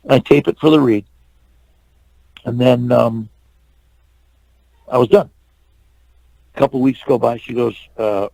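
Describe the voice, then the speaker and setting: An older man, an actor and stuntman, telling lively anecdotes as a guest in an interview. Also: mid-range voice, a little slow, gravelly, long pauses, no room sound, poor audio. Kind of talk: storytelling interview.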